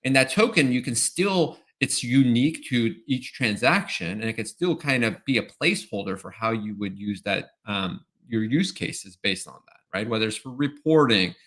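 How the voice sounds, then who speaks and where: A man's voice: medium pitch, lively intonation, normal speed, hardly any pauses, a bit bright. A man answering as an expert guest in a webinar interview, explaining step by step and often checking in with "right?". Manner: explanatory, tags points with "right?".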